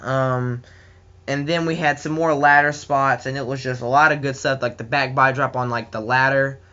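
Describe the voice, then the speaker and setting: A man's voice: medium pitch, steady tone, normal speed, bright, forceful tone, dull audio. A man with a Southern US accent giving a casual, enthusiastic solo wrestling review, rambling with many fillers and restarts.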